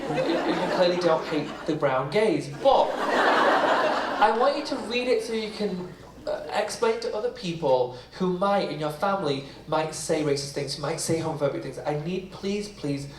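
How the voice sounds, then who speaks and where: A man's voice: fairly high pitch, animated, measured pace, noisy background. A British man in his thirties telling stories to an audience on stage, chatty and self-mocking, laughing often. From Britain. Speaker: author guest. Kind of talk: storytelling on stage. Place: library event hall with audience. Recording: roomy hall, mic heard from a distance.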